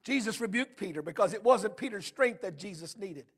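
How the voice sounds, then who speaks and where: A man preaching a sermon as pastor, swinging from shouted emphasis to hushed, low tones. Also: lively intonation, a little fast, husky.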